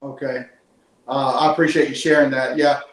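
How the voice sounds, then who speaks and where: A man's voice: mid-range voice, little pitch movement, moderate pace. Earnest man in an echoey room. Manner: emotional, earnest, praising. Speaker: team leader hosting a call. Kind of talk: heartfelt conversational interview. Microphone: call audio.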